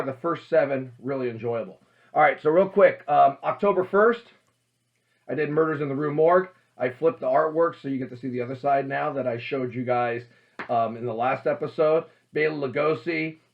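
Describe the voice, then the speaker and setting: A man hosting a casual talk about old horror films, emphatic and animated, with many fillers. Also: fairly high pitch, highs cut off. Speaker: host.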